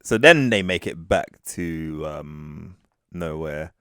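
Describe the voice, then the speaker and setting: Deep-voiced man chatting about a film. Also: expressive, takes it slowly, a bit bright, clear, resonant tone, dry recording, studio quality. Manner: retells scenes, acting out quoted lines. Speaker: podcast co-host. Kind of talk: casual film review chat.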